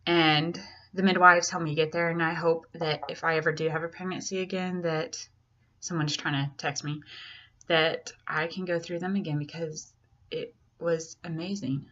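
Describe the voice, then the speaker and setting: A woman's voice: fairly even intonation, normal speed, a bit bright, dull audio. Chatty young mother telling a story. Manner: chatty, acts out others' lines with big jumps in pitch; candid and self-deprecating. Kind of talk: casual personal storytelling.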